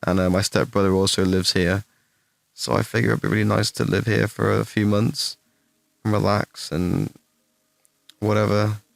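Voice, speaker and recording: A young English man answering chat questions on a stream in casual, rambling talk, swearing freely and putting himself down, with a fairly deep voice. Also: little pitch movement, moderate pace, gravelly, long pauses, dry recording. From England. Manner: rambling, swears a lot, self-deprecating.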